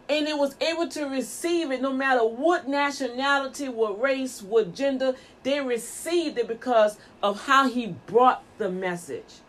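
A woman's voice: high-pitched, a bit bright. A woman minister and show host, preaching emphatically with rhetorical questions and repeated words. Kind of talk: preaching talk.

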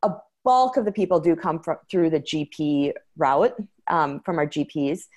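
A woman guest in an interview, talking earnestly and quickly, with frequent fillers and restarts. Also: deep voice, a little mellow. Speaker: interview guest, medication-transparency advocate. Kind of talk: conversational interview.

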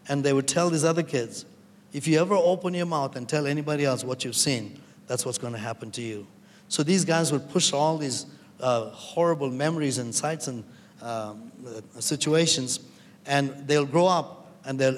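A man's voice: on the high side, long reverb tail. A man preaching a sermon, telling his own testimony earnestly and quoting what others said to him. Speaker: guest preacher.

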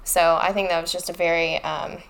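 Woman, lowish voice, podcast co-host, casual chat, thoughtful. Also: flat delivery, brisk, fairly bright tone, smooth. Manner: thoughtful, reads book passages aloud.

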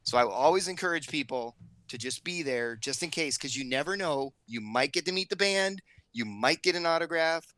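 A middle-aged man tells a story on a casual podcast, his voice bright and forceful. He jumps up in pitch to play the other people in his story. The sound is close and dry. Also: normal speed, no room sound. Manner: animated storyteller, acts out quotes with raised pitch. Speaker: podcast co-host. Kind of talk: casual chat.

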